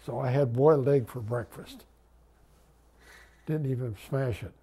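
An older veteran recounts his memories in a loose, folksy way, often stopping to restart a sentence. His voice is mellow and dark, with a husky edge. He sits at a middling pitch for a man. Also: measured pace. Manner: rambling, folksy, many restarts. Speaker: WWII veteran interviewee. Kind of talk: oral history storytelling.

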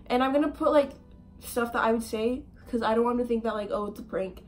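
A woman's voice: fairly high pitch, fast talker, a little mellow, soft background music. A woman vlogging in a casual way, nervous and giggly, with lots of filler words. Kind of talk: casual vlog talk.

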